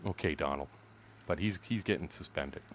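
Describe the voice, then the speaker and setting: A man in his sixties telling profane stories casually while streaming a fishing game, acting out shouted quotes. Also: rumbling low, moderate pace, a little hiss or hum. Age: 60s. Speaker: gaming streamer. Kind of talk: casual storytelling while gaming.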